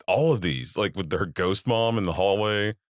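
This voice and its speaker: A man's voice: deep voice, normal speed, no echo, clean studio sound. A man co-hosting a movie podcast, chatting in a laid-back way with casual swearing. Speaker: podcast co-host.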